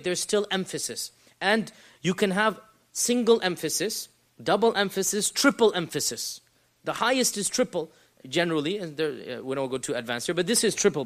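High-voiced man teaching a Quran lesson. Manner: animated, explaining, rhetorical questions. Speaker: Islamic teacher.

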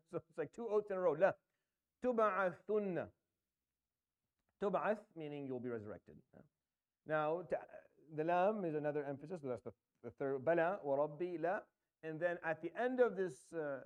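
Fast-talking man teaching Quran grammar. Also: fairly high pitch. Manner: explains Arabic grammar step by step, recites verses in Arabic; quick talker with frequent fillers and restarts. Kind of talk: Quran tafsir lesson.

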